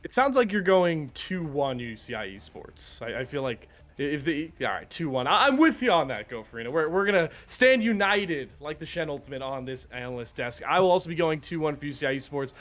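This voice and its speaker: A male host at an esports analyst desk who keeps the show moving. He sounds upbeat and casual, with a voice pitched a little high. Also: sing-song, a little fast, hardly any pauses, a bit bright. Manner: upbeat, hands off to casters. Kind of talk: live esports desk talk.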